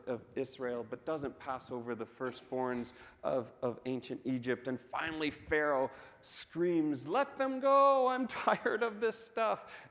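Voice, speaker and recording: A man preaching a sermon in a church, telling the story with animated delivery and acting out the voices of the crowd. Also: a little high. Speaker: pastor. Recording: long reverb of a church hall.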